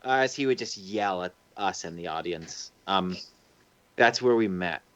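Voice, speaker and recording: A man telling stories in casual livestream chat, animated and swearing now and then. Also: deep voice, a little slow. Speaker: show host. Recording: dull lo-fi stream audio.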